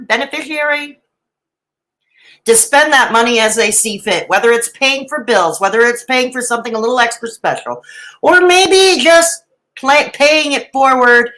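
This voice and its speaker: A woman's voice: a little high, pushed and bright, poor audio. A middle-aged woman doing live reaction commentary, sarcastic and mocking, with dramatic asides and laughs. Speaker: reaction streamer.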